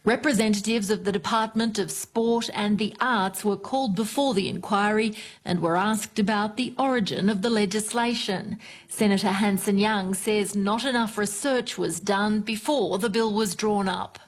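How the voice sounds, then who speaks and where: Aussie woman reporter doing a news voice-over, clear and even. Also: mid-range voice, moderate pace.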